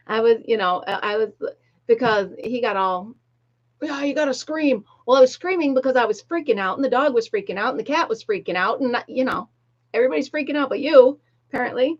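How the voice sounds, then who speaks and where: A woman's voice: fairly high pitch, fairly quick. A middle-aged woman chatting casually to viewers on a livestream, telling stories and laughing often. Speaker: livestream host. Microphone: laptop mic. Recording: dull lo-fi laptop audio.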